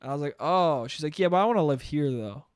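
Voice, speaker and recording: A man around thirty rambles through a solo podcast, swearing freely and poking fun at himself. His voice sits a little high and sounds smooth. The recording is close and dry. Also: animated, fairly quick, no room sound. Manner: rambling, swearing, self-deprecating, laughs a lot. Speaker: podcast host. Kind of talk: casual solo podcast monologue.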